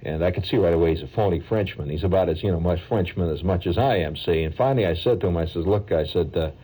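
A man's voice: deep voice, fast talker, mellow, slightly rough, poor audio. A man telling a rambling, wry story in a casual way, full of asides. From New York.

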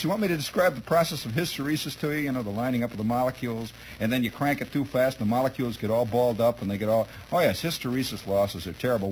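This is a rough recording with a bit of hiss or hum, featuring a man with a mid-range voice. He tells listeners a funny story from his childhood, chuckling often and acting out the scenes in a lively way.

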